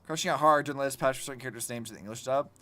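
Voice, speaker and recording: A man's voice: medium pitch, rapid-fire. A man streaming a game as a vtuber, chatting casually and ranting with plenty of swearing. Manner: rambling, profane, animated ranting. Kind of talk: casual gaming stream commentary.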